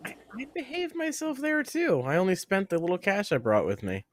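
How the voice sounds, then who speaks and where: A man's voice: sits high, huge pitch swings, a little fast, a little hiss or hum. Laid back guy chatting on a fish stream, voice bounces around a lot. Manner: easygoing, relays viewer questions. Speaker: co-host of a fish hobby live stream. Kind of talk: casual live-stream chat.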